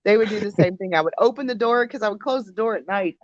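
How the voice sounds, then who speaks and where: A woman's voice: medium pitch, fast talker, dry recording. A woman in casual chat about chickens, laughing easily and trading stories. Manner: laughs easily, friendly back-and-forth. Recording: dull lo-fi dry audio.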